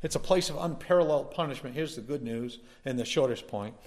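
A man's voice: medium pitch, quick pace, darkish tone. A male pastor delivering a sermon, telling a personal story in a folksy way and building up to emphatic preaching.

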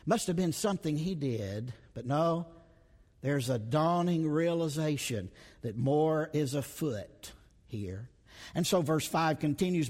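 A man's voice: fairly high pitch, a little mellow. A man preaching an expository sermon in a dramatic, emphatic way, full of rhetorical questions. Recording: long hall reverb.

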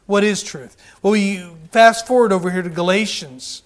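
A man's voice: high-pitched, moderate pace. A man preaching a sermon with fervor, calling out to the congregation and often restarting his sentences. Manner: fervent, calls out to the congregation, many restarts.

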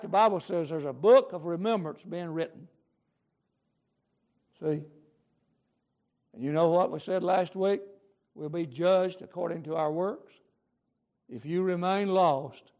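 A man's voice: high-pitched, gravelly, darkish tone. A man preaching a sermon, fervent and emphatic, repeating lines for stress and using folksy grammar.

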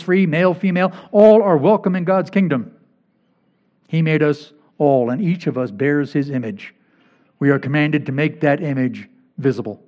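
A man's voice: fairly high pitch, darkish tone. A male pastor preaching a sermon, emphatic and repeating key phrases to drive points home. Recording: dull lo-fi recording.

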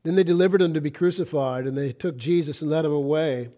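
A man with a notably high voice delivers a fervent sermon, reading scripture aloud. He swings between loud, ringing cries and hushed, breathy whispers. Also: quick pace. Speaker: preacher.

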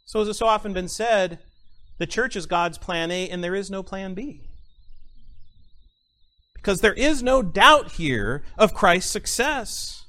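A man preaches at a slow, deliberate pace, his tone moving widely up and down. He hammers on single words with dramatic pauses and builds rhythm by repeating phrases. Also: high-pitched, sing-song, sharp tone. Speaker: pastor. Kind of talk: sermon.

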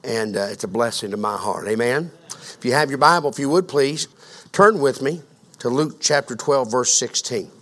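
A man preaching a sermon as pastor, asking the congregation questions and building to a fervent, loud delivery. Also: medium pitch, lively intonation, normal speed. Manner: grows louder and more fervent.

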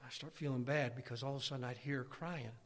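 A man preaching a storytelling sermon, animated, swinging between loud exclaims and hushed whispers. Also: mid-range voice, fast talker.

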